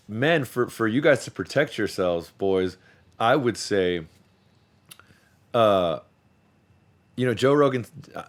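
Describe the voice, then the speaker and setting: Low-voiced man in rambling casual chat. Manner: profane, rambling, repeats words when restarting. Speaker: podcast host; youth sports coach.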